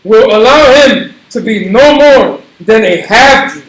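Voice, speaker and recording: A man reading a footnoted text aloud slowly and carefully, stumbling over some words. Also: high-pitched, expressive, a bit bright, roomy sound, rough recording. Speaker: scripture reader.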